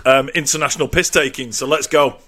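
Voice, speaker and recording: A man's voice: medium pitch, steady tone, brisk, sharp tone. An English man co-hosting a comedy podcast, bantering and swearing freely. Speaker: podcast co-host. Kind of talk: casual banter.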